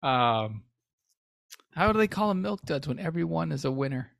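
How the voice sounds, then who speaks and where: A man's voice: on the high side, big pitch swings, normal speed, gravelly, a bit bright, dry recording. A man chatting on a podcast, dropping dry wisecracks. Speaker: podcast guest. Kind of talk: casual podcast chat.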